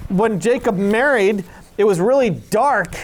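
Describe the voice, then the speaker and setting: A young woman tells a Bible story to small children, bouncing between her own voice and quick acted-out lines. Her pitch swoops widely as she plays the parts. A faint background hiss sits under the home recording. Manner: animated, lots of quoted voices, hushes a child. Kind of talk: playful Bible story for kids.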